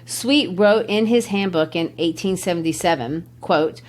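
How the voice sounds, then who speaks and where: Woman, lower voice, conversational podcast co-host, explains and quotes literature. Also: measured pace. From Tennessee, USA. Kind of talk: casual literary discussion.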